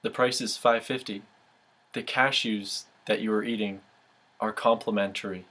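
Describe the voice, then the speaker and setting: A man's voice: lowish voice, fairly even intonation, normal speed, fairly bright tone. A man doing a laid-back joke bartender. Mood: plain. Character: male bartender in a joke, calm.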